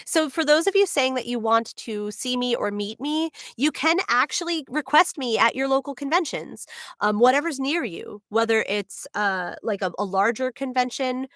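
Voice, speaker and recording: A woman's voice: high-pitched, normal speed, fairly bright tone, no echo, clean studio sound. A voice actress with a New Jersey accent chatting casually with viewers on her livestream, bubbly and full of laughs and "like"s. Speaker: voice actor hosting a signing stream.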